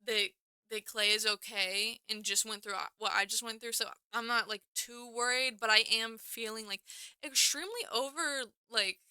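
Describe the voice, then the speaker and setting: A woman's voice: fairly high pitch, steady tone, moderate pace, sharp tone, clean tone, no echo. A young woman telling a personal story in a casual, rambling way, full of "like"s and self-corrections. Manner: rambling, filler-heavy, with many "like"s and self-corrections. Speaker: storyteller vlogger.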